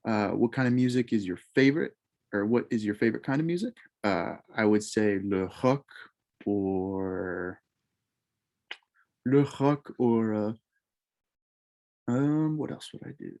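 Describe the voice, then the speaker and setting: A man's voice: mid-range voice, a little mellow. A man in a mid-range voice leads a casual French club lesson. He says each French word twice and then glosses it in English. His delivery is loose, with fillers and small self-corrections along the way.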